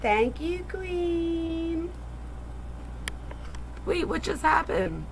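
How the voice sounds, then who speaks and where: A woman in her forties hosting a casual livestream, excitable and gushing, swearing freely as she chats with viewers. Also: very high-pitched, extremely slow, creaky, a little hiss or hum, low-quality recording. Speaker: livestream host.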